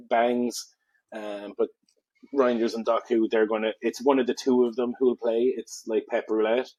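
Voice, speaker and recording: A man's voice: on the low side, a little mellow, dry recording, low-quality recording. A man co-hosting a fantasy football podcast in casual chat, breaking down teams analytically and thinking aloud with fillers.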